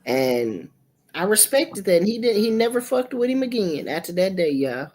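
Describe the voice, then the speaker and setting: A middle-aged woman hosting a livestream, telling a family story in casual chat, animated and profane, jumping into quoted voices. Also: medium pitch, normal speed, slight background noise. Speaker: livestream host. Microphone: streaming setup mic.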